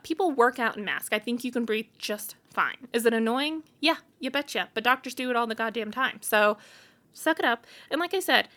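A woman's voice: on the high side, bright, forceful tone. A woman hosting her own show, talking casually and bluntly, candid and exasperated as she vents. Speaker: podcast host. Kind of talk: casual solo venting.

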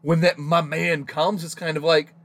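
A man's voice: fairly high pitch, flat delivery, moderate pace, fairly bright tone. A man co-hosting a casual podcast, talking films in an opinionated, profane way. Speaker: podcast co-host. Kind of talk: casual film discussion.

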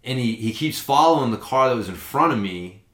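A man's voice: mid-range voice, a little fast. A man casually telling a long story on a podcast, rambling and swearing often. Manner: profane, rambling, animated storyteller. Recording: echoey room.

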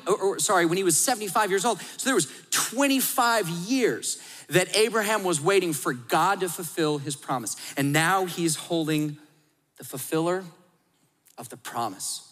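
A man in his thirties preaching a sermon, telling the story with animated acted-out voices and swings from loud to hushed. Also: high voice, long reverb tail. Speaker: pastor.

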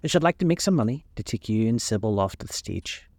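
A man doing a gruff, blunt young lad. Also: on the low side, lively intonation, fast talker, darkish tone, dry recording.

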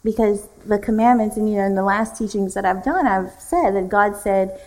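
A woman's voice: medium pitch, moderate pace, rough recording. A woman pastor teaching a church leadership class, conversational and fond of jokes. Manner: warm, joking, conversational teaching. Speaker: executive pastor.

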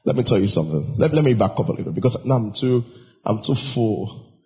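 A man preaching a sermon as pastor, emphatic and now and then shouting or singing out lines. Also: on the low side, lively intonation, a little fast. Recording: dull sound with long hall reverb.

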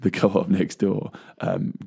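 A man with a low, gravelly voice talks in a loose, rambling way on a music chat show. His tone is dark and husky. He trails off into fillers and laughs often. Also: expressive, slow. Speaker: co-host, bass player. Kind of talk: casual chat. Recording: radio show studio mic.

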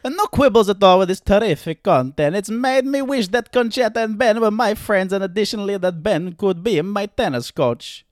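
A man putting on the voice of a chatty old Italian grandmother, high and warbly. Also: expressive, normal speed, hardly any pauses, no echo, studio quality. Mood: gushing.

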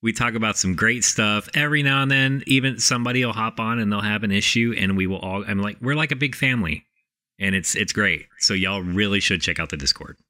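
A man's voice: fairly low pitch, fairly quick, pushed and bright. A man with a Texan accent co-hosting a gaming podcast, upbeat and chatty. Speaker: podcast co-host. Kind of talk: casual chat.

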